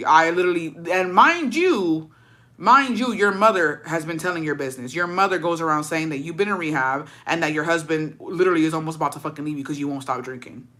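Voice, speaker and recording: A young woman spins a storytime tale in a bright, forceful voice. She curses constantly and slides between English and Spanish. She jumps into the voices of the people she quotes as she goes. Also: low voice, brisk. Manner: profane, animated, acts out quoted dialogue; slips into Spanish phrases. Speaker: storytime vlogger. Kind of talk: casual storytelling.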